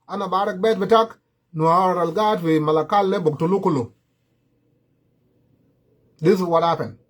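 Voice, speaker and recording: A man giving impassioned political commentary, repeating his warnings. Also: sits high.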